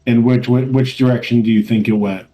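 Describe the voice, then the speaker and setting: A man's voice: mid-range voice, steady tone, fairly quick, mellow, poor audio. A man playing a tabletop game, asking plain questions in casual talk. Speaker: player.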